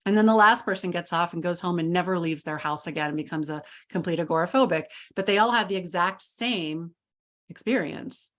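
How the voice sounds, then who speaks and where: A woman's voice: lowish voice, brisk, a bit bright. A woman hosting a casual group discussion on a video call, chatty, with frequent fillers and easy laughter. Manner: chatty, laughs often, many "like" and "you know" fillers. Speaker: mastermind group host.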